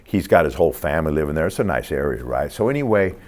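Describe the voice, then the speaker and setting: In a casual interview, a man in his sixties tells streetwise, profane stories, acting out other people's lines in quoted voices. His voice rumbles low with big pitch swings, moves at a quick pace, and has a slightly mellow quality.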